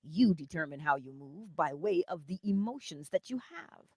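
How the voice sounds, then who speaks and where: A woman hosting a morning inspiration stream, giving an animated motivational talk that moves between loud cheering and soft whispers, laughing often. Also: fairly low pitch, moderate pace, dry recording, clean studio sound.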